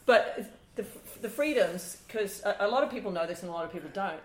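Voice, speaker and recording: A woman hosting a podcast in casual conversation, chatty and quick to laugh. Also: medium pitch, expressive. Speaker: podcast host. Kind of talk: casual interview chat. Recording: roomy room with faint hum.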